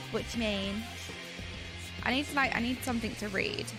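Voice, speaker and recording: A woman from Essex with a mix of London and Essex accent, chatting casually with her stream audience, laughing often and bantering indignantly. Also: on the high side. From Essex, England.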